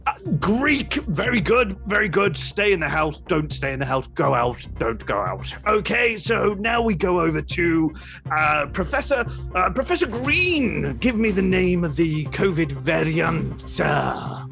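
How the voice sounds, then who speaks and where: Casting: man putting on a slow, hesitant committee chair with a Welsh tinge, bright edge to the voice, stammers apologetically. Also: high-pitched, very animated, vocal fry, soft background music, heavily acted. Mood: flustered. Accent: drifting into a put-on Welsh lilt. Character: bumbling middle-aged male meeting chairman. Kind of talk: improvised comedy sketch.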